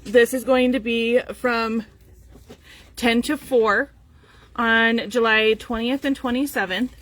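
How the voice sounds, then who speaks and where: Speaking slowly in a somewhat bright, high-leaning voice with fairly even intonation, a sewing store host reads class details during a casual live stream. She's chatty and uses lots of fillers.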